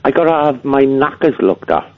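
A Welsh caller talks over a tinny phone line, his voice gravelly and rough. He stammers and repeats himself, apologises a lot, and lurches between sheepish and indignant, his pitch swinging widely. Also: expressive, moderate pace, noisy background. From Wales. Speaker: radio caller. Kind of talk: phone-in call to radio show.

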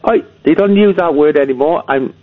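A Welsh man calling in to a radio show, stammering and apologetic, with a rough voice. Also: fairly high pitch, normal speed. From Wales. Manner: stammering, repeats words, apologetic, bursts into indignant protest. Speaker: radio caller. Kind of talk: phone-in call to radio show. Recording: tinny phone line.

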